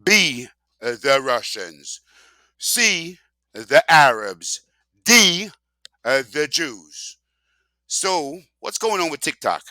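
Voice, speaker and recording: A man's voice: a little high, very animated, drawn-out words, pauses often, bright, forceful tone, dry recording. An older man ranting sarcastically in a casual monologue, emphatic and rambling, full of rhetorical questions. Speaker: vlogger.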